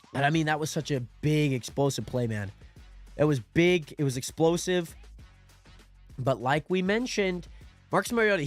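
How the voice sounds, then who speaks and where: A young man with a slightly higher-than-usual voice hosts a football watch party stream, calmly talking through plays before bursting into excited shouting on big moments. Faint music plays behind him.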